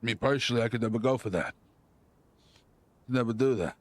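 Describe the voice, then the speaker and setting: A man's voice: mid-range voice, brisk, dry recording. A man hosting a live stream, rambling loosely and joking in slang. His voice sits in an ordinary middle register.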